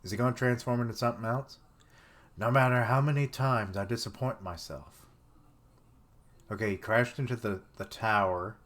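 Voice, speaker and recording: A man's voice: medium pitch, steady tone, normal speed, pauses often, a bit bright. A man live-streaming his reaction to a manga chapter, reading lines aloud and joking, swearing and laughing at his own jokes.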